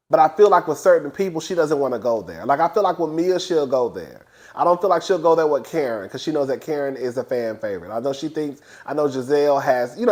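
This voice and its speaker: A man reviewing a reality TV episode in casual, animated, gossipy commentary. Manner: animated, gossipy, acts out quotes in high voices.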